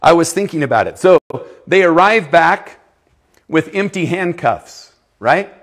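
A man preaching a sermon to a youth group. He talks emphatically, asks his listeners questions, and swings from loud declarations to hushed lines. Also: fairly high pitch, expressive, measured pace.

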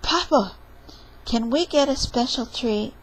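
A bossy, imaginative little fox kid with a high, breathy voice that swoops up and down, as a woman puts it on. The kid talks with gleeful drama, slow and lively, like a storybook character read aloud. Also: rough recording. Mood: eager.

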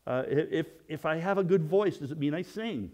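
A man preaching a sermon in a conversational way, asking rhetorical questions and often restarting his sentences, and dropping to a soft hush when he voices prayers. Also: fairly high pitch, a little fast. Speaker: pastor.

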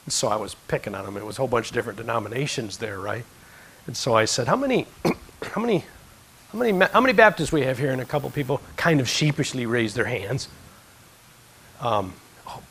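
A man preaching a sermon in a church, swinging between quiet conversational asides and impassioned, emphatic peaks. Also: medium pitch, lively intonation, fairly quick, pauses often, a little hiss or hum, rough recording. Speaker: pastor. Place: church sanctuary.

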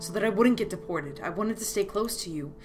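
A woman's voice: medium pitch, animated, fairly quick, lightly acted. A woman reading the part of an anguished, lovesick young man in a visual novel, earnest and confessional, over game music.

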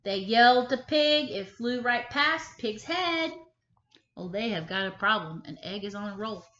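A woman kindergarten teacher reading a picture book aloud, expressive and stopping to ask the children questions. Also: a little high, unhurried, slight background noise. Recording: echoey room, slightly dull sound.

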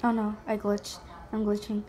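A young woman giving casual gameplay commentary, excitable, gasping and dropping to whispers while she plays. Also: medium pitch, normal speed. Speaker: gamer. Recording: faint music behind.

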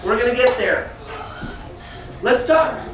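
High-voiced man teaching kids in an echoey room. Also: far from the mic. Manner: animated storytelling, pausing to correct children. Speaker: children's church teacher. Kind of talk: Bible lesson for children. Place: church classroom.

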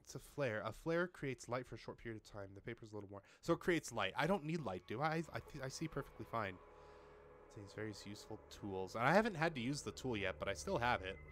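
A young man giving casual let's-play commentary, swearing often and swinging between muttering and excited outbursts. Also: medium pitch, fast talker.

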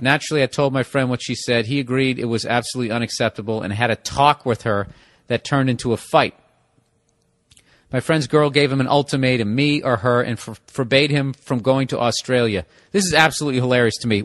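A man hosting a podcast, reading out a listener's letter and giving comedic advice in a blunt, profane rant that rises into loud, emphatic outbursts. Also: medium pitch, no echo. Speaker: podcast host.

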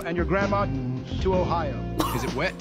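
A man's voice: high voice, lively intonation, normal speed, over loud music. A man voicing a brash, bossy man who barks absurd orders in a comedic meme voiceover.

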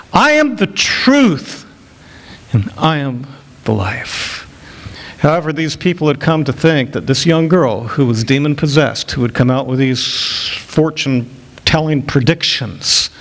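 A middle-aged male pastor preaching an expository sermon, rising to emphatic peaks when he quotes scripture. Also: on the high side.

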